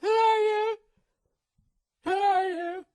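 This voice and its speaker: A man voicing an upset young girlfriend in a high, squealing tone. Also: fairly even intonation, brisk, no room sound, studio quality. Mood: indignant. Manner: indignant, squealing.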